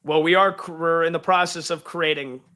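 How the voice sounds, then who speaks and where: Bright-voiced man reading punny sports recap. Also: on the high side, steady tone, normal speed. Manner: pun-heavy, theatrical delivery. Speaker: guest segment host. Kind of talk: punny scripted sports recap, then casual chat.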